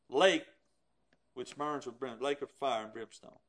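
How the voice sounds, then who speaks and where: A man preaching a sermon, telling stories and acting out quoted voices, with sudden drops to a hush. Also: a little high, very animated, moderate pace. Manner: storytelling, acts out quoted voices, dramatic drops in volume.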